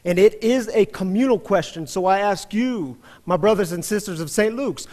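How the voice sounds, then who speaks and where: A male pastor giving an earnest sermon to his congregation, telling a story and building up then dropping soft. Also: high voice, normal speed, hardly any pauses. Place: church sanctuary. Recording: long church-hall reverb.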